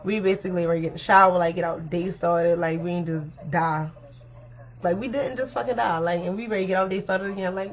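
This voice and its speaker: A woman telling a story to her viewers in a casual, animated way, with lots of swearing. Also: medium pitch, moderate pace. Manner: animated, profane, talks straight to viewers. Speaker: storytime vlogger. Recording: dull lo-fi sound.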